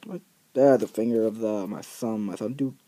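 A man's voice: fairly low pitch, moderate pace, mellow. A teenage boy ranting casually on his vlog, profane and rambling, full of filler words. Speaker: vlogger.

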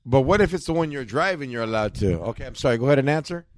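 A man's voice: medium pitch, animated, very fast, slight background noise. A young man, bantering and joking in casual podcast chat and leaning on heavy street slang. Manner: joking, slangy, calls people dog and fool. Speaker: podcast co-host.

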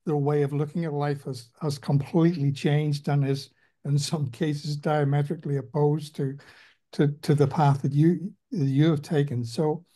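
A man's voice: on the high side, dark tone. A man with an Ulster Scots accent, a participant on a video call, speaking in a hesitant, reflective way.

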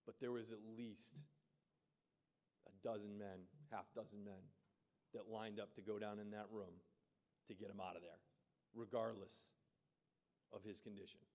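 Former soldier, thirties, male keynote speaker; low mellow voice, halting plain delivery. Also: steady tone. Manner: plain, halting with many restarts and "you know". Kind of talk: spoken storytelling speech. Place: gala event hall.

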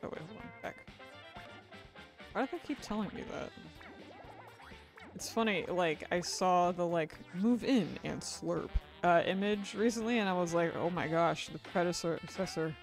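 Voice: medium pitch, animated, normal speed, pauses often, over music. A tired game streamer chatting casually while playing, rambling and apologizing for tripping over words. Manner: rambling and apologetic, frequent restarts. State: tired after a long day. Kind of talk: casual gameplay commentary.

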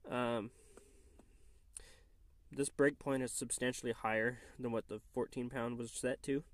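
A man's voice: medium pitch, steady tone, a little slow, no echo. A man with a stuffy, nasal voice from a cold, casually walking through a car tuning job with lots of ums and uhs. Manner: hesitant, many ums and uhs. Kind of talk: casual how-to walkthrough.

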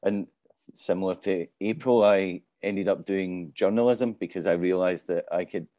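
Guy in his 40s on an industry panel, low mellow voice, modest, pokes fun at himself, dry sound. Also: moderate pace, no room sound, highs cut off. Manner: modest, self-deprecating. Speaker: panelist, business development lead. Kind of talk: casual panel talk.

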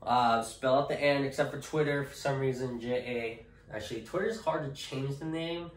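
A man's voice: mid-range voice, normal speed, distant mic. A man chatting casually to camera in a joking, rambling way, often tagging lines with okay. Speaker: vlogger. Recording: echoey room, off-mic.

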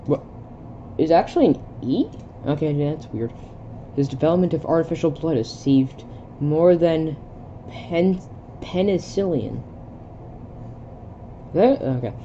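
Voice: mid-range voice, measured pace, pauses often, warm tone, dull audio, slight background noise. A young adult casually reading a film script aloud, stumbling over words and stopping to comment in confusion. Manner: reads stage directions aloud, stumbles, breaks off to comment in bewilderment. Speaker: video creator.

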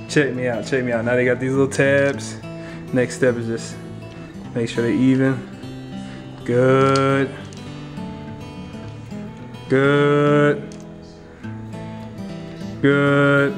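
Young man, playful kitchen vlog, animated joking, faint music behind. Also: medium pitch. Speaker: vlogger, expectant father. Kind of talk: casual home vlog. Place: home kitchen, indoors.

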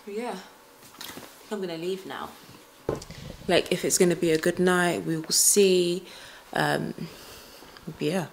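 A woman's voice: on the low side, slow pace, pauses often, a little hiss or hum, poor audio. A woman vlogger chatting casually to the camera, showing off her outfit in a chatty way. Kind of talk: casual vlog talk to camera.

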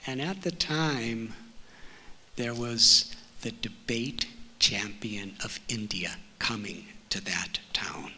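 A man, a spiritual teacher telling a story to an audience in a library auditorium, speaking gently and letting his phrase endings fall soft. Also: mid-range voice, slow, slight background noise. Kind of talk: storytelling talk.

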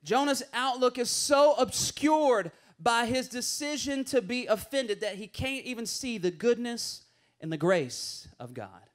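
High-voiced animated pastor. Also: male voice, measured pace. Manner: animated, playful, acts out voices in stories. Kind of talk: sermon.

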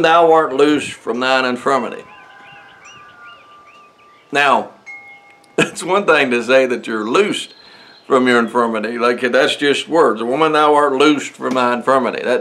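A man's voice: mid-range voice, fairly bright tone. Casual, chuckling male preacher. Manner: conversational, chuckles often, many fillers and restarts. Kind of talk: casual sermon with Bible reading. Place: church sanctuary.

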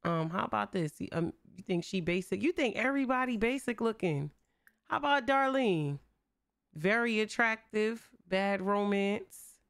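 A woman's voice: medium pitch, animated, normal speed, dry recording, clean studio sound. A young woman streaming a life-simulation game, chatting in slang and talking to her characters as she plays. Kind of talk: casual game commentary.

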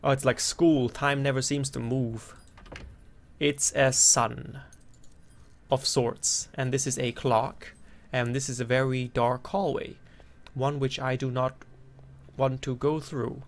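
A man talking through a horror game as he plays it. His voice sits at an ordinary middle pitch. He jokes to himself, swears freely, and jumps into loud, high, panicked yelling when something frightens him. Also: little pitch movement, takes it slowly, pauses often. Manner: joking, cursing, panics into loud yelps. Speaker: gameplay commentator. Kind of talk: horror game let's play commentary.

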